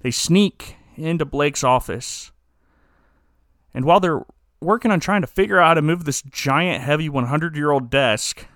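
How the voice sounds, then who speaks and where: A man's voice: fairly high pitch, moderate pace, a bit bright, no echo, studio quality. A man hosting a podcast, casually recapping an episode in a rambling, joking way with many restarts. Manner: rambling, joking, self-correcting. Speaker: podcast host.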